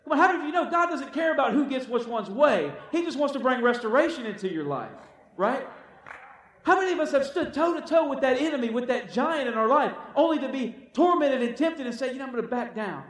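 A man's voice: very high voice, lively intonation, brisk, a bit bright. A man preaching a sermon, exhorting his listeners with repeated calls of "come on" and acting out the quotes he tells. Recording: echoey room from far off.

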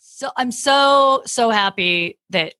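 A woman's voice: a little high, lively intonation, slow, sharp tone, no echo. A woman hosting a podcast and telling a story in casual chat, acting out what other people said and swearing freely. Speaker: podcast host; comedian.

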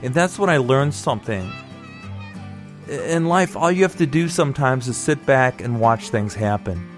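A middle-aged man tells a personal story from his childhood in a relaxed, conversational way. His delivery is wry and nostalgic, in an ordinary mid-range voice. Faint guitar music plays underneath. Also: medium pitch, moderate pace.

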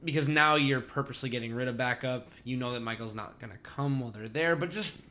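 A man with a middle-pitched voice talks casually on a podcast. He gives quick, joking takes on a movie's scenes. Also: pushed and bright. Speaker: podcast co-host.

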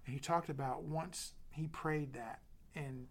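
A middle-aged man preaches with a gravelly, slightly high voice. He sinks into hushed whispers, then builds back up with repeated, emphatic phrases. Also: steady tone, unhurried. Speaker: pastor. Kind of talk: sermon.

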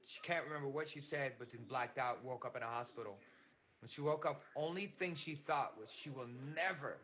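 A man's voice: mid-range voice, fairly quick, pushed and bright. A man, a singer being interviewed, telling a personal story in a casual, earnest way, often repeating words and saying "man".

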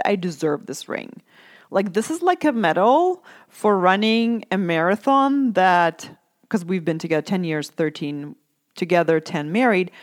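A woman in her thirties talking in a casual self-help monologue, emphatic and animated, with many "like"s and "right?"s. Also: fairly high pitch.

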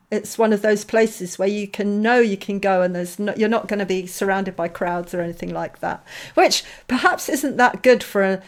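Woman telling a story, animated. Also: mid-range voice. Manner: animated, acts out dialogue with lively shifts. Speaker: missionary guest. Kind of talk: conversational storytelling.

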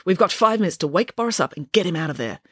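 A woman puts on a bossy female pig nanny from a storybook, firing off orders in a brisk, scheming tone. The voice swoops lively up and down. The sound is close and dry. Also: lowish voice, husky, no room sound. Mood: brisk commanding.

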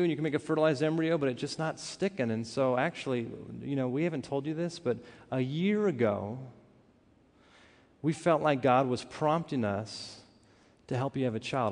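A man preaching a sermon, telling a personal story with earnest, animated delivery and frequent restarts. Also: medium pitch, normal speed. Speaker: pastor. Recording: hall reverb.

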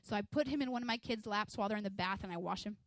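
A woman in her thirties preaching a sermon at church, conversational and energetic, acting out little scenes from family life. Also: mid-range voice, rapid-fire, no room sound. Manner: energetic, conversational, acts out quotes from home life. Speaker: pastor's wife preaching.

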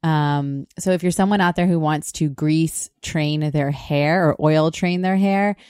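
A woman's voice: sits low, unhurried, darkish tone, clear, resonant tone, no echo, clean studio sound. A woman co-hosting a podcast from a sailboat, talking candidly and bluntly with self-deprecating humor. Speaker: podcast co-host. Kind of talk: casual chat. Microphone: podcast mic.

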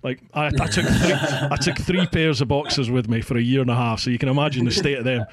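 A man with a Scottish accent, hosting a casual chat and telling stories in an animated way, acting out what people said and swearing casually. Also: medium pitch, fast, over a noisy crowd. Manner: animated, acts out quoted speech, swears casually. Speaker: podcast host.

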